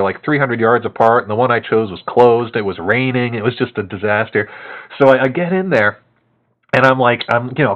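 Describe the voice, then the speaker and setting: A man casually telling a long story to a co-host, animated and laughing often, with many fillers. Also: mid-range voice, highs cut off.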